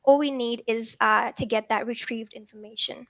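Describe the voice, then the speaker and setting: A woman's voice: on the high side, fairly even intonation, moderate pace, no room sound. A woman presenting a technical workshop, explaining step by step with many um and uh fillers.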